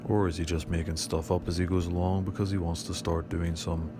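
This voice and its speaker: A man's voice: low voice, flat delivery, fairly quick. A man giving indignant voice-over commentary on a video, scornful of the police. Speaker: commentator on a channel. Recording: loud background music under voice-over.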